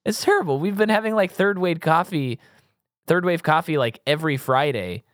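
A man's voice: on the high side, animated, moderate pace, fairly bright tone, no room sound. Man in his thirties, podcast co-host, rambling casual chat, self-correcting, dry close sound. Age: 30s. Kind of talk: casual movie-review chat.

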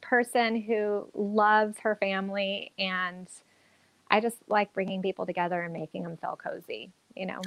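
A woman's voice: mid-range voice, fairly even intonation, moderate pace, highs cut off. A woman who acts and teaches acting, chatting upbeat and enthusiastic in an interview, with plenty of fillers. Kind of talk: casual interview chat.

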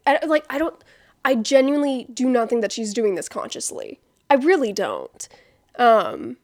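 A young woman co-hosting a podcast in casual chat, telling a story animatedly and acting out quotes loudly, with many fillers and swearing. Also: a little high, dry recording, studio quality. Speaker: podcast co-host.

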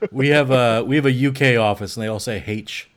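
A male podcast host talks in a mid-pitched voice, joking and quick to laugh. His delivery is loose and conversational. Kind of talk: casual chat.

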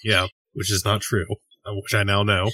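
A man's voice: lowish voice, flat delivery, normal speed, pushed and bright, no echo. A man co-hosting a podcast in casual chat, teasing and insistent. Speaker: podcast co-host.

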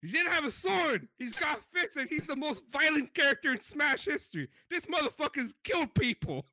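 A young man co-hosting a podcast in casual chat, excitable and profane, often laughing. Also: extremely high pitch, moderate pace, dry recording. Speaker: podcast co-host.

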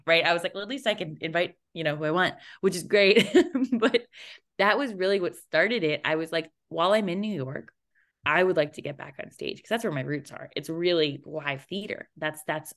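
A woman's voice: on the low side, fairly quick, a bit bright. A young adult woman casually telling a story as an interview guest, laughing often and acting out the voices in her quotes. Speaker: interview guest, playwright and performer.

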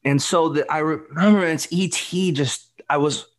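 A man's voice: on the high side, moderate pace. A man in his forties co-hosting a casual chat, telling stories with lots of restarts and calling his friend dude and bro. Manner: rambling, animated storytelling with frequent restarts, calls people dude and bro. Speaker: podcast co-host.

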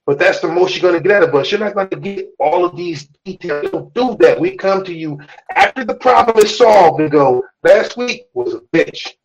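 A man's voice: high voice, animated, fairly quick, dull audio, soft background music. A man hosting a podcast, talking in a blunt, profane, emphatic way as he lectures his listeners. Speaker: podcast host. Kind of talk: casual opinionated podcast talk.

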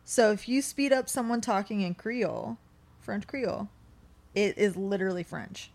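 A woman's voice: mid-range voice, normal speed, gravelly, darkish tone. Blunt, sarcastic young woman co-host. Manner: blunt, sarcastic, swears freely. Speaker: podcast co-host. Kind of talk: casual chat.

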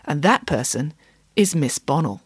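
A woman voicing a calm, precise schoolgirl who lays out her deductions. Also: deep voice, measured pace, breathy edge, dry recording, clean studio sound, voice pushed down, exaggerated voice. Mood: coolly logical. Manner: calm, clipped, reasoning. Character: cool, precise schoolgirl detective.

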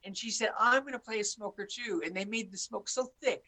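A woman's voice: mid-range voice, a little fast, bright, forceful tone. An older woman, a guest actress, chatting candidly from home over a video call, wry and sprinkling in swear words. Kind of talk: casual chat. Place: at home in Florida.

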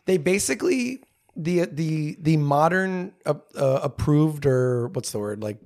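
A man's voice: on the high side, lively intonation, darkish tone. A young man co-hosting a podcast, explaining things in casual chat, stopping and restarting as he searches for words. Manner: explains haltingly, many fillers and restarts. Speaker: podcast co-host.

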